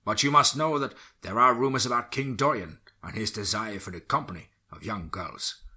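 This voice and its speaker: A man voicing a kindly village priest who speaks gently and reassuringly. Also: fairly low pitch, moderate pace, slightly rough, heavily acted.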